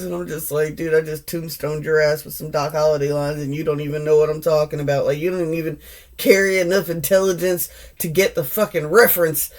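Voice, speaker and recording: A woman in her forties giving a casual tarot reading, blunt and profane, rambling with frequent restarts. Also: medium pitch. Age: 40s. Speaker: tarot reader.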